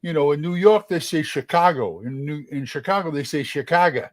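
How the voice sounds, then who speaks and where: A middle-aged man from Oklahoma co-hosts a casual livestream, his voice sitting a bit high for a man. He spins easygoing, chatty anecdotes at a relaxed pace. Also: fairly quick, no room sound. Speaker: podcast co-host. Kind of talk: casual chat.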